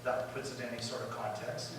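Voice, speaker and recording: A male pastor telling a story in a sermon, lively and animated, acting out the disciples' panic and dropping to quiet asides. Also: mid-range voice, quick pace, background noise. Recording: echoey room from far off.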